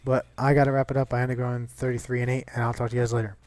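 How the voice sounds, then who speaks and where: A man's voice: medium pitch, flat delivery, very fast, darkish tone. A young man chatting casually over gameplay, rambling and swearing with lots of restarts. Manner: rambling and profane, many restarts.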